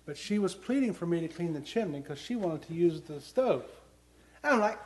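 Earnest high-voiced male preacher. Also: animated, moderate pace, a little mellow. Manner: earnest storytelling, rising to emphatic questions. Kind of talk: sermon with personal stories.

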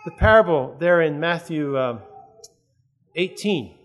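A man's voice: a little high, expressive, moderate pace. A man preaching a sermon in an earnest, conversational way, often checking that his listeners follow.

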